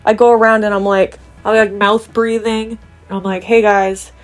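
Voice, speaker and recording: A woman's voice: mid-range voice, little pitch movement, normal speed, faint music behind. A young woman from Canada, a vlogger chatting playfully to camera with joking asides. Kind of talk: casual chat to camera.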